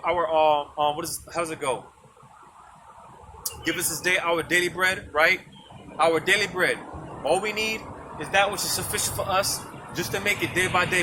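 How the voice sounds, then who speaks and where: High-voiced man preaching on a noisy street. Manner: repetitive, conversational, frequent "man" and "you see". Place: outdoors on a street. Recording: noisy outdoor street recording. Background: traffic noise.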